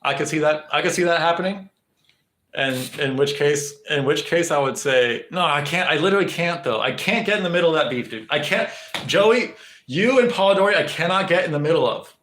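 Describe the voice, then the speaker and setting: A man's voice: on the high side, animated, fairly quick, fairly bright tone, reverberant. A young man streaming live, rambling to his chat with lots of swearing, fillers and restarts. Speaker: livestreamer.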